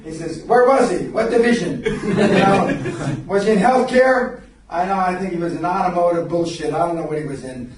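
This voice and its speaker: An older man with a high voice speaks at normal speed while lecturing as a seminar speaker and mentor, his stories rambling, blunt, and profane. The recording comes from far off in an echoey seminar room and carries a little hiss or hum.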